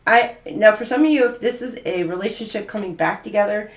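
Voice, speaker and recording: A woman's voice: medium pitch, brisk, echoey room. Giggly woman gushing through a tarot reading. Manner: giggly and gushing, many fillers. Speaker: tarot reader. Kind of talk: casual spoken tarot reading.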